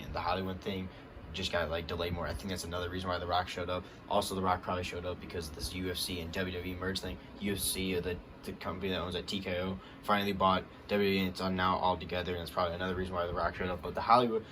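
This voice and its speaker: A young man giving an excited, rambling recap of a wrestling show, full of fillers. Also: sits low, noisy background. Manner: hyped, rambling, lots of fillers.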